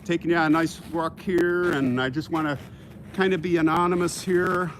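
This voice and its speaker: A man's voice: a little high, steady tone, normal speed, a little hiss or hum. A man from Kansas hosting a casual livestream while walking outdoors through a cemetery. He rambles into a joking rant and breaks off mid-sentence to thank donors. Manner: laughing mock rant. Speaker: livestream host.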